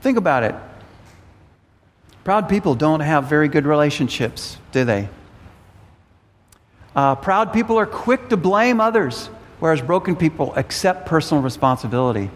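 A man's voice: a little high, lively intonation, moderate pace, long pauses. Guy preaching, earnest, repeats himself a lot, big hall echo. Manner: earnest, repeats words while thinking. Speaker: pastor. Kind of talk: sermon.

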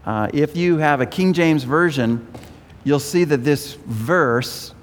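Male preacher in an echoing hall. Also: a little high. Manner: animated, pausing, repeats words while thinking. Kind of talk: expository sermon on Hosea. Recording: long reverb of a large hall.

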